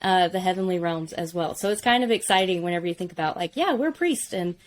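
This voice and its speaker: A woman teaching Biblical Hebrew in a relaxed conversational way, enthusiastic and explanatory, often saying "like". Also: fairly low pitch, quick pace.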